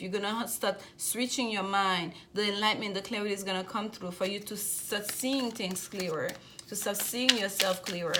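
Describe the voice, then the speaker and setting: A woman's voice: medium pitch, a bit bright, slight background noise. A woman giving a general tarot reading to camera as the host, talking effusively and repeating her phrases often. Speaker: tarot reader.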